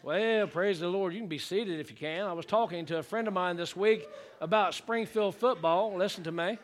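A male pastor preaching a fervent sermon to his church. He calls for congregational responses and rises into shouted exclamations. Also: sits high, normal speed. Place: church sanctuary.

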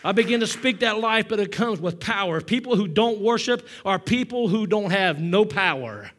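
A man with a high voice preaches to his congregation, calling for responses and answers. He drops to a hushed, breathy storytelling tone, then climbs back into loud, ringing exhortation. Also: expressive, moderate pace, a faint crowd. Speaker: pastor. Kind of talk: sermon.

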